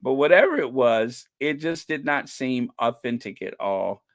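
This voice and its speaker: A man's voice: medium pitch, expressive, measured pace. A man hosting his own channel, chatting casually, laughing often, rambling with fillers. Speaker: channel host. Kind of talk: casual commentary.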